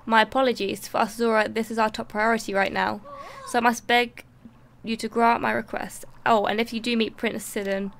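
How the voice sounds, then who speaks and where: A woman's voice: on the high side, flat delivery, brisk, vocal fry, a bit bright, a little hiss or hum. Woman reading as a courteous fish-person messenger. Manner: formal, courteous reading of game dialogue. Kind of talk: reading game dialogue aloud.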